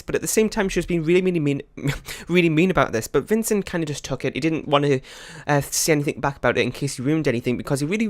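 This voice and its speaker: A man's voice: fairly high pitch, no echo. Chatty man narrating a life-sim game. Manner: rambling and chatty, many fillers, quick laughs. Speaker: let's play host. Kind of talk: casual gameplay commentary.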